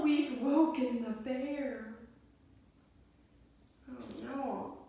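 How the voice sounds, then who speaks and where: Woman preschool teacher, gentle read-aloud, heard far off in a roomy space. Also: fairly high pitch, vocal fry. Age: adult, mother. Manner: gentle, expressive, addressing children. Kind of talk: read-aloud storytelling for children. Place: indoor room at home. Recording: echoey room, mic far off.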